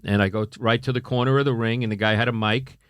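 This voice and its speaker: A middle-aged man with a New York accent, a comedian and former cop, telling animated stories on a talk show. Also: mid-range voice, fast talker, smooth, no room sound, studio quality. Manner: animated anecdotes, acts out quoted voices. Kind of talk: casual storytelling.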